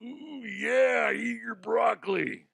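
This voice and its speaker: A man putting on a gravelly, growling impression of a hyped-up male wrestler shouting catchphrases. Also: extremely high pitch, takes it slowly, no room sound, studio quality, pitched above the performer's own voice, heavily acted.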